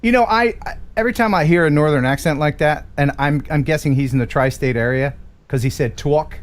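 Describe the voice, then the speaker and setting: A man's voice: on the high side, fast talker, slight background noise. A man hosting a casual live stream, joking and reading chat messages aloud, with a Northeastern American accent. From tri-state area of the US Northeast. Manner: playful, jokey, reads chat messages aloud. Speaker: host of a live photography show.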